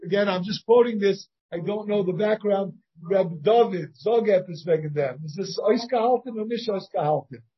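A man's voice: sits high, moderate pace, muffled recording. A rabbi teaching a casual Talmud study class. He thinks aloud, restarts often, and puts questions to his students. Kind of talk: informal Talmud study lesson. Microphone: shared class recording, partly over a video call.

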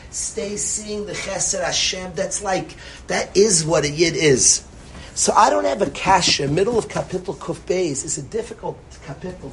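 A man giving an impassioned sermon as a rabbi. He swings between loud emphasis and soft, hushed phrases, and repeats lines for stress. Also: sits high, slight background noise, low-quality recording.

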